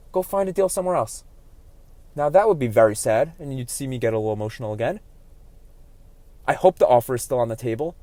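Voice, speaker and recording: A man with a medium-pitched voice, on a dry recording, hosts his own sports podcast solo. As he argues his opinions, he grows heated and animated.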